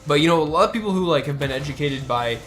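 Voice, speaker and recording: A man's voice: a little high, rapid-fire, a bit bright, faint music behind. Rambling man chatting on a stream. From United States. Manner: rambling, with many fillers and restarts. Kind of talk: casual chat.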